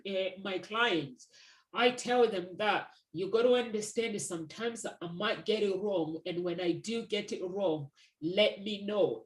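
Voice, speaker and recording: Woman matchmaker chatting, earnest n reflective, kinda echoey room. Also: mid-range voice. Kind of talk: casual conversation.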